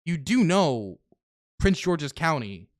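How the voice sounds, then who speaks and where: A man's voice: fairly high pitch, very animated, takes it slowly, dry recording, clean studio sound. Indignant man firing rhetorical questions. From Maryland, US. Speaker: streamer host. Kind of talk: heated debate on a call.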